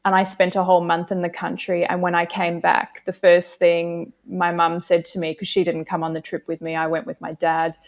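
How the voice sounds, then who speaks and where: Reflective low-pitched woman, from South Africa. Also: monotone, dull audio. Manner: reflective, with frequent "um" pauses. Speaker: guest. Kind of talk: casual interview chat.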